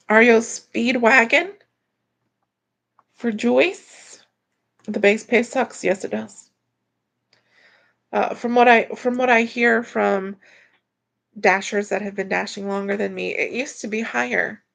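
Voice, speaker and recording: A woman's voice: on the high side, creaky, fairly bright tone. A woman hosting a casual livestream, reading viewer comments and rambling through answers with frequent restarts. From Florida, US. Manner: rambling, repeats words when restarting. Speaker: livestream host reading chat. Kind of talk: casual live chat.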